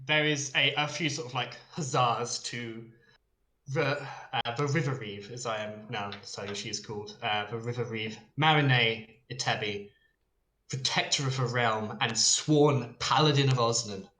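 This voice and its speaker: A man running a tabletop game as dungeon master, narrating in a relaxed way with many fillers. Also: mid-range voice, a little slow, roomy sound, poor audio.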